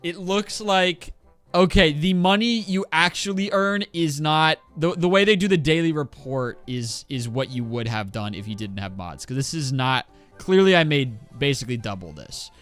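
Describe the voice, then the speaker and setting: A young man streaming a game, chatting and telling a story with lots of swearing and high-pitched impressions of others. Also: normal speed, faint music behind. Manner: animated, swears freely, jumps into high mimicking voices. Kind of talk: casual live-stream storytelling while gaming. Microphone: desk mic.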